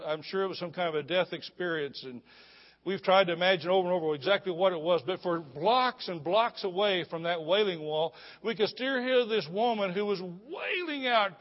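A man preaching a sermon as a pastor, swinging between loud proclamation and hushed, low confiding. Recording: muffled sound with long hall reverb.

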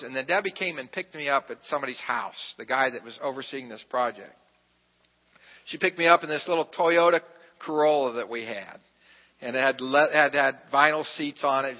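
A man preaching a sermon, telling a personal story in a conversational, self-deprecating way, with asides to the congregation. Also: on the high side. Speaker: pastor. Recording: reverberant, muffled hall recording.

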